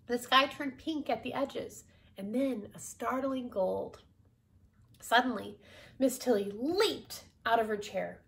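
A woman reading a children's book aloud in a gentle, expressive way. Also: on the high side, slow, vocal fry. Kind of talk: storybook read-aloud.

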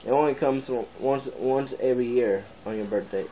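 A man's voice: mid-range voice, fairly quick, dark tone, a little hiss or hum, poor audio. A man in his twenties, rambling casually in a vlog and laughing often. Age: 20s. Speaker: vlogger.

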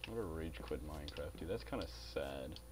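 A man's voice: a bass voice, lively intonation, fairly quick, noisy background. A man giving casual gameplay commentary as a channel host, grumbling, swearing a lot and saying dude.

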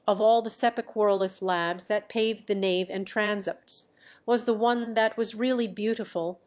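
A woman reading a classic novel aloud at a very slow, deliberate pace. Her voice sits at an ordinary middle pitch and keeps an even, scripted narration throughout. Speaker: audiobook narrator.

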